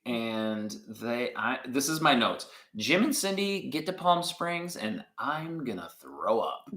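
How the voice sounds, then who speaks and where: A man casually recapping a TV episode for a podcast, rambling through his notes. His voice is bright and his pitch swings widely. The room sounds echoey. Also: big pitch swings, slow pace. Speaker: podcast co-host.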